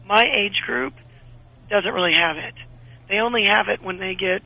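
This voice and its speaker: A woman in her thirties, an actress chatting as a guest in a radio interview, animated and prone to restarts. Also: mid-range voice, moderate pace, no echo, rough recording. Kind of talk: casual radio interview chat.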